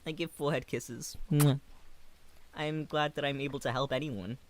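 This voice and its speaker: This man in his twenties, livestreaming, speaks at a medium pitch with a steady tone. He reads the chat affectionately and gently, with hesitant breaks.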